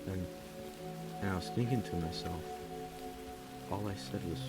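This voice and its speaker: Deep-voiced man rambling through a story. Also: fairly even intonation, fairly quick, pauses often, low-quality recording. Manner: rambling, lots of filler words. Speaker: gaming video creator. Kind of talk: casual storytelling over gameplay. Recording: music and rain behind voice.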